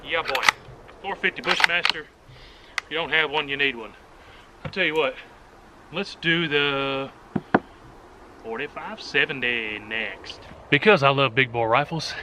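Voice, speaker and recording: A firearms video host with a mid-range voice talks a little slowly, leaving long pauses, over heavy background noise. He runs a casual outdoor shooting demonstration at a rural range in a folksy, joking, enthusiastic way, captured on an action camera.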